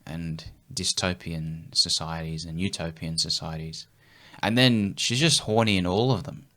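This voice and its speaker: A man's voice: low-pitched, steady tone, a little slow, bright, forceful tone. An Australian man chatting casually on a comedy podcast, rambling and laughing easily.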